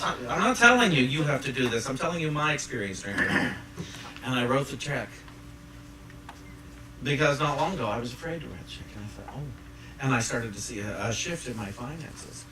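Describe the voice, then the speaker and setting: A man preaching a sermon to a congregation, swinging between hushed and loud, laughing along with the room. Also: medium pitch, lively intonation, moderate pace, pauses often. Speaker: pastor. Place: church sanctuary with congregation. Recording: echoey church, distant mic, audible hiss.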